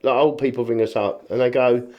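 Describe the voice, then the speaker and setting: A man, a rubbish clearance business owner chatting as a podcast guest, telling stories and acting out what people said. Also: mid-range voice, steady tone, a little fast, dull audio. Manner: plain, informal speech. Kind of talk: casual podcast chat.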